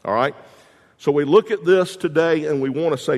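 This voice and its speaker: A man's voice: a little high, normal speed, big-room sound. A man preaching a sermon as a pastor, telling stories in a folksy way with frequent restarts. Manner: folksy storytelling with repeated restarts.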